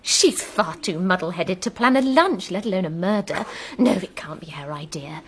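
A woman's voice: fairly low pitch, lively intonation, moderate pace, a little hiss or hum, lightly acted. A sweet, timid young wife played by a woman in a radio play, eager and a little childlike as she chats to her husband. Faint room ambience sits behind her. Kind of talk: radio drama acting.

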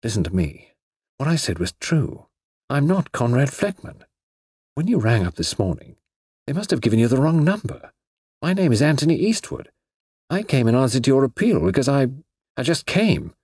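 A man voicing a breezy, unflappable young gentleman writer who speaks pleasantly and matter-of-factly, with a husky voice. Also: mid-range voice, sing-song, moderate pace, no room sound, studio quality, pitched above the performer's own voice. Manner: pleasant, jaunty and matter-of-fact.

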